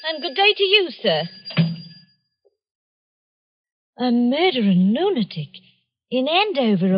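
A woman's voice: on the high side, breathy edge, heavily acted. An actress playing a chatty, easily frightened English woman who runs a tobacco shop, in 1940s radio acting style on a dull old broadcast. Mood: uneasy.

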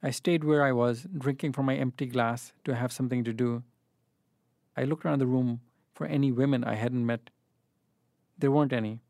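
A man giving a literary fiction reading in a measured, even way. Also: medium pitch, vocal fry, no room sound, studio quality. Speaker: reader.

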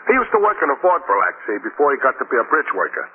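An actor playing a simple-minded, chatty cab driver in a 1940s radio drama, rambling and eager to please. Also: male voice, mid-range voice, big pitch swings, racing, husky. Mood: gossiping. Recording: tinny old radio broadcast with music.

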